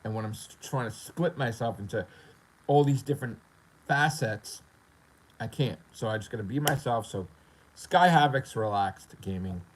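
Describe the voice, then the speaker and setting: A man's voice: mid-range voice, normal speed, a little hiss or hum, rough recording. A man talking casually on his gaming livestream in a profane, boastful, rambling way. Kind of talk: casual live-stream rant.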